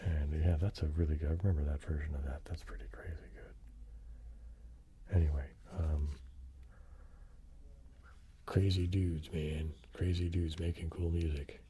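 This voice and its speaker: A man doing soft-spoken ASMR show and tell, slipping into whispers and slowly reading out track lists in a relaxed, rambling way. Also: extremely low pitch, a little hiss or hum. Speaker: ASMR host.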